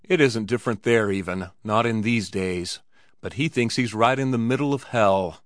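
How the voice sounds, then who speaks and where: Man voices worldly Easterner: calm, reflective, measured, low. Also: no room sound, studio quality, lightly acted.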